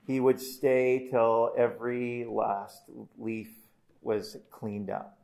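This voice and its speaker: A man who is a pastor, delivering a funeral eulogy in an earnest, measured way, often restarting phrases and letting line ends fall soft. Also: mid-range voice, steady tone, gravelly.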